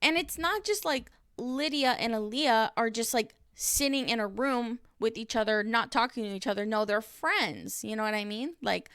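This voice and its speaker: A woman's voice: on the high side, a bit bright, clean tone, no echo, studio quality. Blunt, exasperated woman recapping reality TV. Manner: blunt, exasperated, swears freely. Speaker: reaction vlogger. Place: dim room at home.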